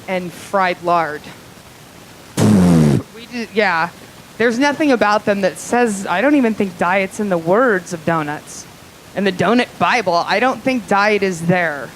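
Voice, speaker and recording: A woman's voice: medium pitch, animated, a little slow, slight background noise, low-quality recording. A woman performing a live stand-up set in a comedy club, with a profane, crude, conversational delivery.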